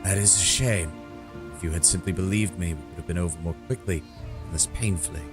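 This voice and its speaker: A man reading game dialogue aloud as a cold, deceitful male dark elf assassin, measured and contemptuous. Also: sits low, over music.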